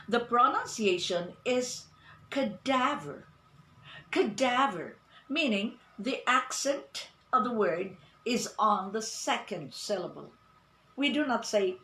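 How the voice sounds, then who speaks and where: Slow, deliberate woman teaching. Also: medium pitch, a bit bright, a little hiss or hum. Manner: deliberate, repeats and drills words, asks questions to the class. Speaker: English teacher. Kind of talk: online pronunciation lesson. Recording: roomy echo.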